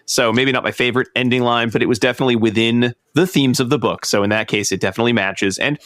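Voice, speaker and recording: A man hosting a podcast, wrapping up a book club episode in a relaxed, chatty way and laughing easily. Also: mid-range voice, fast, no room sound, clean studio sound. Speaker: podcast host. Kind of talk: casual podcast chat.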